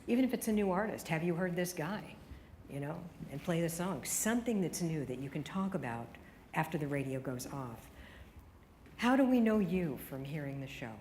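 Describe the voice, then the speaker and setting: A woman delivers a keynote to broadcasters in a large hall, with a long reverb trailing her words. Her voice sits a little low for a woman, and she drives her points with punchy, rapid-fire rhetorical questions. Faint room ambience hums underneath. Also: animated, a little mellow, slight background noise. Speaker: radio consultant giving a keynote. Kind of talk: conference keynote.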